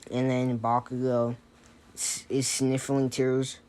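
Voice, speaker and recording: Slow, hesitant male storyteller. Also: mid-range voice, steady tone. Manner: hesitant, many fillers and restarts. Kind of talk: improvised fan-fiction storytelling.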